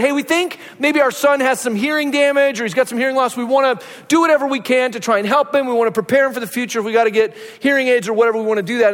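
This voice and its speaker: High-voiced pastor preaching in a reverberant hall. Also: male voice, fairly bright tone. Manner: conversational storytelling, asks rhetorical "right?". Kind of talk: sermon.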